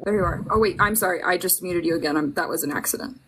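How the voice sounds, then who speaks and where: A woman's voice: lowish voice, fast talker, background noise. A woman co-hosting a live stream in casual chat, running things in a chatty, apologetic way.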